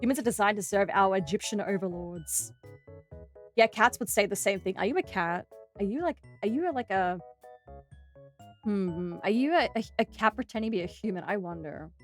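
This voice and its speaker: Lively giggly Australian woman streamer. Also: mid-range voice, moderate pace, soft background music. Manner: animated, giggly, exclamatory. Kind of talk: casual live-stream chat with viewers.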